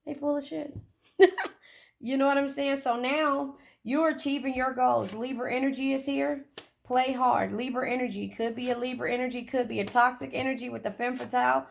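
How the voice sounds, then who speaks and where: A woman's voice: high voice, steady tone, moderate pace, vocal fry, slight background noise. A woman giving a casual tarot reading in a car, blunt, profane and chatty as she talks straight to her viewers. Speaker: tarot reader.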